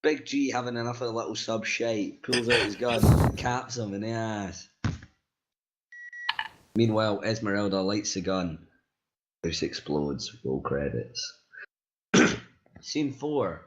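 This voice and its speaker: A man's voice: lowish voice, slow, long pauses, noisy background. A man reading a group-written story aloud in a laid-back, crude way, stopping to fix mistakes. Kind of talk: casual read-aloud storytelling.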